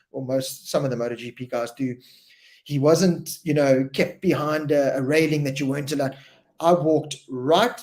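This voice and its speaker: Chatty man hosting a live stream. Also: a little high. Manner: chatty, repeats words, animated storytelling. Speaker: host. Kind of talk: casual live-stream chat.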